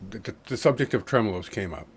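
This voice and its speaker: A man in a casual chat, talking haltingly and repeating words as he tells an anecdote. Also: lowish voice, animated, a crowd in the background.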